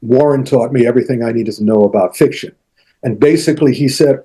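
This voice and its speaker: An older man telling animated anecdotes as an interview guest, acting out quotes, with frequent restarts. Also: mid-range voice, fairly quick, husky. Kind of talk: casual storytelling interview.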